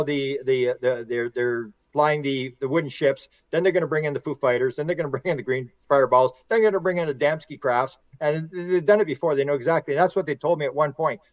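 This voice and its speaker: A middle-aged man, a podcast guest and author, telling long stories in a rambling, animated way and acting out quotes. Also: medium pitch, no room sound, muffled recording. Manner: animated, rambling storyteller who acts out quotes. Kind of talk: casual conversational storytelling.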